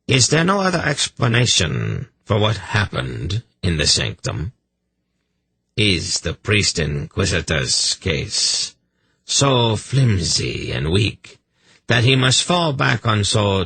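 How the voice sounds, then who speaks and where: A male audiobook narrator voicing a menacing older male sorcerer-priest who speaks in a calm, deadly, mocking way. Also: low-pitched, creaky, breathy edge, no room sound, heavily acted. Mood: coldly mocking. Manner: slow, cold, mocking. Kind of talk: audiobook character reading.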